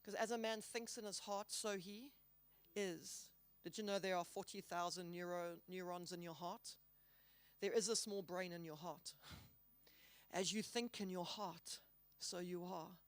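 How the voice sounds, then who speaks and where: A woman speaking at a Christian conference, earnest and emphatic, slowing down on key words with the odd playful aside. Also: fairly low pitch, fairly even intonation, dry recording. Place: hall.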